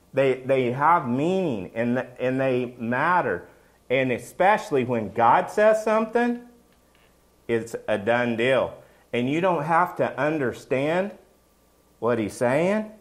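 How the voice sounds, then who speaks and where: Joking pastor, a man preaching casually. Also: medium pitch. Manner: joking, conversational, keeps asking "right?". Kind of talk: casual sermon.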